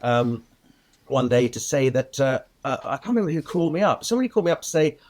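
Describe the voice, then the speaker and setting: A man's voice: medium pitch, quick pace. An older man, a film editor, telling stories in an interview, laughing often and acting out the people he quotes. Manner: lively storyteller, acts out quoted voices, laughs often. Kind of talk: anecdotal interview storytelling.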